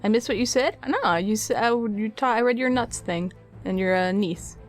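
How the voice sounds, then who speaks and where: A woman with a fairly high voice chats with her stream viewers while she paints. Her talk is casual and a little sassy. Soft music plays faintly behind her. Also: moderate pace. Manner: chatty, sassy, talks to chat. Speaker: art streamer.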